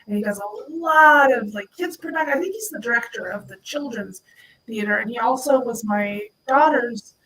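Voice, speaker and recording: A woman guest in casual chat, chatty and animated as she tells stories. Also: fairly high pitch, normal speed, poor audio.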